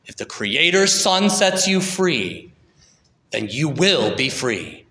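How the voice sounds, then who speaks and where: A man telling a story in dramatic scripted narration, building quickly and slowing for emphasis. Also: mid-range voice, very animated, pushed and bright. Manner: dramatic, shifts between quick build-ups and slow emphasis. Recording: echoey hall with long reverb.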